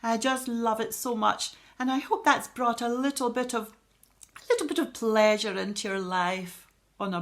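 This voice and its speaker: A woman singing show tunes and then chatting warmly to her viewers in a theatrical, heartfelt and effusive way. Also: mid-range voice. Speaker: club member performing songs.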